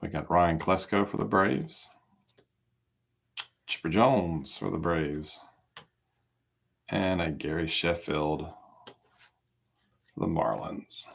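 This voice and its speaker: A man hosting a live trading card break, calling out each card in a relaxed, casual way with small asides. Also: deep voice, takes it slowly, gravelly, pauses often, husky.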